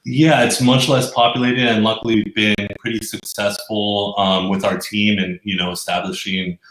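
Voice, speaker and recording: A low-voiced man answers as a guest from an office, relaxed and a bit halting. The room gives his voice a noticeable echo. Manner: relaxed, hesitant with fillers. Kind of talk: casual interview chat.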